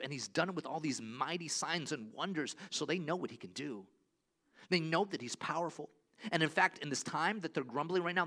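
A male pastor preaches with a dynamic delivery, moving between ringing exclamations and hushed scripture reading. His voice is bright and forceful. It sits a little high for a man. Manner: dynamic, swinging from loud exclamations to quiet reading. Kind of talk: sermon.

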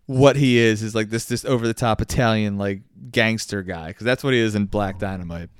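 A man's voice: on the low side, fairly even intonation, a little fast, clean tone, no echo, clean studio sound. A man co-hosting a casual movie chat, rambling and joking with some swearing.

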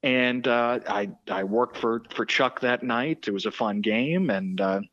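A male sports broadcaster telling anecdotes in a podcast interview, lively and full of restarts. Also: medium pitch, unhurried, dry recording, lo-fi sound. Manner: animated anecdotes with frequent restarts and quoted voices.

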